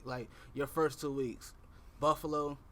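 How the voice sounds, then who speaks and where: A man's voice: a little high, fairly even intonation, a little slow, a bit bright, a little hiss or hum. A young man co-hosting a casual sports podcast, emphatic and repeating his points for effect. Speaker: podcast co-host. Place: campus TV studio.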